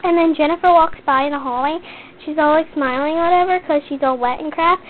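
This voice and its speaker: Teen girl vlogger, high voice, rambling and chatty, tinny phone-like audio with a faint hiss. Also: fast. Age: teens. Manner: chatty, rambling, heavy use of "like". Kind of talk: casual rambling story.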